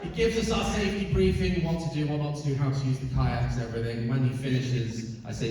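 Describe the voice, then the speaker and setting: A man's voice: medium pitch, quick pace, few pauses. A man telling a profane comic story live on stage in a large hall, keeps asking "right?", recorded from far back in the audience. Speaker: comedian performing live on tour. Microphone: filmed from the audience, far from the stage. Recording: echoey hall from far off, loud noise. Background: audience laughter and noise.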